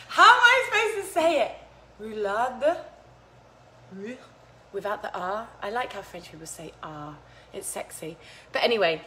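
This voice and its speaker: A woman chats to her viewers while cooking in her home kitchen, giggling and swearing freely as things go wrong. Her voice sits high and sounds bright and sharp. A faint hum of room noise runs behind her. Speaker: home cooking vlog host. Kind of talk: casual chat to live viewers while cooking.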